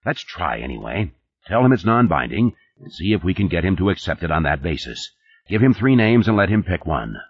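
A gruff, blunt boss with a deep, husky voice, read by a man. He snaps curt orders, and the dry, dull recording keeps it close and plain in this audiobook. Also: very animated, fairly quick, no room sound, exaggerated voice. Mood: commanding. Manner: curt, commanding, coarse. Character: gruff, blunt older male company boss.

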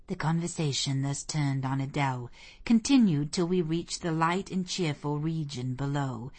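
Female audiobook narrator, slightly low voice, measured and expressive in a classic novel.

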